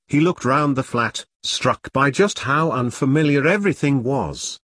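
Male narrator, husky voice, lively pitch, close dry audiobook sound. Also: measured pace, few pauses.

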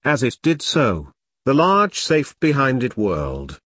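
A man narrating a first-person detective novel in a wry, deadpan, self-mocking way. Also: medium pitch, unhurried, breathy edge, no room sound, studio quality. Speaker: audiobook narrator.

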